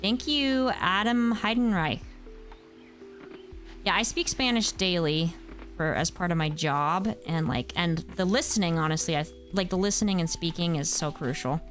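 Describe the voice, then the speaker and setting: A woman's voice: on the low side, normal speed, a bit bright. A young woman chatting casually on a gameplay stream, rambling and answering her chat, with faint music behind her.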